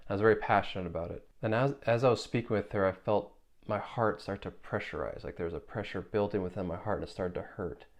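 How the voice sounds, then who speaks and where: A young man earnestly telling a personal spiritual story, halting and repeating words as he searches for how to describe it. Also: fairly low pitch. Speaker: spiritual video creator.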